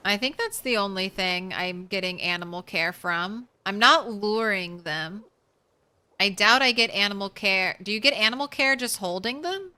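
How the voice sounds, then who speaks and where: A woman's voice: mid-range voice, animated, moderate pace, bright, forceful tone, clear, resonant tone. A woman streamer giving casual, chatty commentary while playing a game, talking to herself and to the game late at night.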